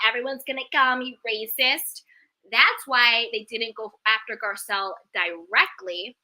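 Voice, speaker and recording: A woman hosts a casual live stream from home, reading viewer comments and answering them with lively, emphatic repeats. Her voice sits high and sounds very bright and ringing. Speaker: host reading live chat. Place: indoors at home.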